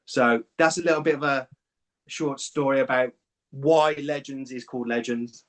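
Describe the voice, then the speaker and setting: A man's voice: medium pitch, normal speed. A man, a clinic owner and guest, telling his story candidly and with feeling, swearing casually. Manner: emotional, swears casually, animated retelling.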